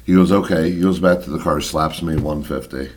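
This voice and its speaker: A man's voice: very deep voice, steady tone, fairly quick, a little mellow, breathy edge. A man co-hosting a talk show, telling a story casually with joking, profane asides. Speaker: podcast co-host. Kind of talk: casual chat.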